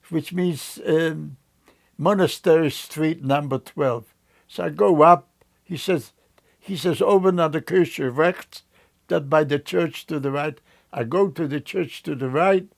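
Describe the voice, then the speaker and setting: An older man recounting memories in an interview, telling his story in a slow, halting way with frequent restarts. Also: on the high side, vocal fry, darkish tone.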